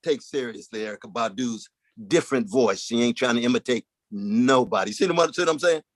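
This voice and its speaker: A man's voice: a little fast, no echo. A man giving an impassioned public talk, preacherly and rhythmic, mixing dramatic swells with folksy conversational asides. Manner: preacherly, rhythmic, with dramatic swings in pitch and volume. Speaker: guest speaker.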